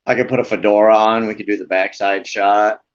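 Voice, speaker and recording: A laid-back man joins a live-stream chat as a guest. His voice sits a bit low and he trades easygoing banter. The audio comes through muffled and lo-fi. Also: fairly even intonation, a little fast.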